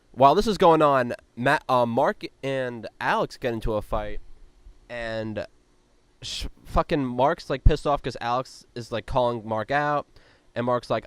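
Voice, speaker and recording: A man's voice: mid-range voice, moderate pace, clear, resonant tone, dry recording. A man hosting a podcast, recapping a reality show in a chatty way with lots of "like" and frequent swearing. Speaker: podcast host.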